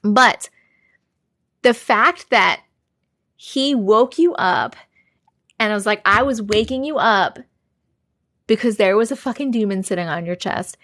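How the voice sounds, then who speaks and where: A woman's voice: medium pitch, a little slow, long pauses, no room sound, studio quality. A woman hosting a live stream, reading viewers' scary stories aloud and reacting to chat. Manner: expressive, reacts with gasps and laughs between reading.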